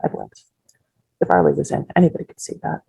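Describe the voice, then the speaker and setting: Author reading her novel aloud; husky, dark, measured woman's voice. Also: deep voice, huge pitch swings, dry recording, low-quality recording. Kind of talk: first-person fiction reading.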